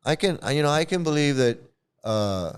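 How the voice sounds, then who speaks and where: Male vlog host, fairly high smooth voice, loose rambling delivery with restarts, blunt and coarse. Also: animated, moderate pace. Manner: rambling, repeats and restarts words; blunt and profane. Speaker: commentary channel host. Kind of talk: casual rambling commentary.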